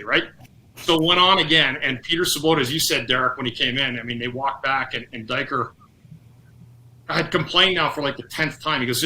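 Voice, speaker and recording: A middle-aged man, a former hockey player, telling lively anecdotes on a podcast, acting out quotes and laughing often. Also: medium pitch, brisk, a little hiss or hum, low-quality recording. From Canada. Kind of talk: casual storytelling.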